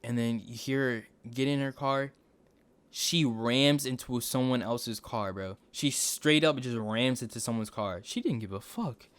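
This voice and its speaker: A man casually telling a story for a video, slangy and animated, wandering into tangents. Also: mid-range voice, unhurried, smooth. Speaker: storytime YouTuber.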